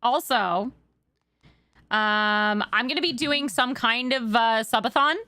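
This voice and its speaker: Bubbly high-voiced woman streamer. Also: unhurried, sharp tone, smooth, dry recording. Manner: bubbly, gushing thanks to chat. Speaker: streamer playing a police sergeant. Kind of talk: livestream chat with roleplay.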